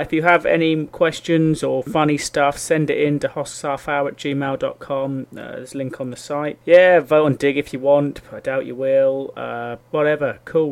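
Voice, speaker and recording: A man's voice: a little high, gravelly, no room sound. A young man from England hosting a casual comedy podcast, rambling, swearing and laughing at his own jokes. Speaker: podcast host.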